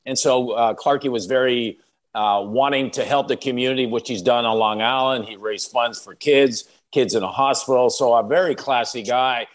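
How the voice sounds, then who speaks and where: A man in his sixties, a former player co-hosting a podcast, telling relaxed stories in casual chat. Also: mid-range voice. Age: 60s. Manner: storytelling, relaxed.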